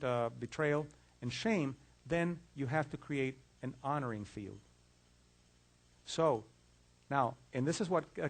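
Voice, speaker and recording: A middle-aged man giving a conversational lecture on relationships, often repeating words and restarting phrases as he tells case stories. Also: medium pitch. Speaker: lecturer on mind-body health.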